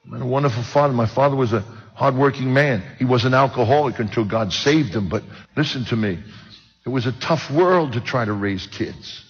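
Speaking briskly in a breathy, mid-range voice, an older Brooklyn, New York man shares a personal testimony as a sermon, trading jokes with the audience. Long hall reverb hangs over the dull-sounding recording.

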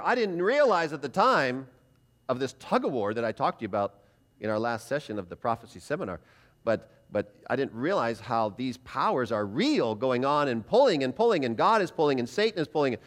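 A middle-aged man gives a sermon-style testimony at a seminar. His voice sits a little high and swings widely as he tells the story and acts out what he once thought. The delivery is animated and conversational. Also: brisk. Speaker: seminar preacher.

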